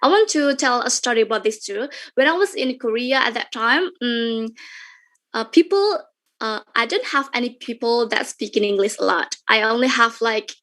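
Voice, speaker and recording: A woman's voice: on the high side, lively intonation, moderate pace, fairly bright tone. A young woman from Indonesia with an Indonesian accent, giving a chatty, informal webinar talk full of fillers and repeated phrases. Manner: chatty, repetitive, with frequent fillers. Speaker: webinar speaker.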